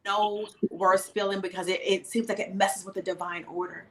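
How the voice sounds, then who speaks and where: A woman's voice: medium pitch, little pitch movement, moderate pace, fairly bright tone. A middle-aged woman who coaches spiritual wellness, talking with a caller in an earnest, consoling, preacher-like way. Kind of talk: emotional live-show chat with a caller.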